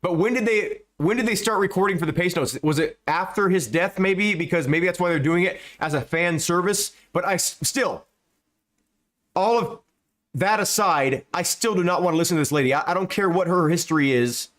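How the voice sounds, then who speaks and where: A man's voice: high voice, moderate pace, a bit bright. A man giving casual, rambling commentary over gameplay, often stammering and repeating words, and swearing now and then. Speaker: gaming YouTuber.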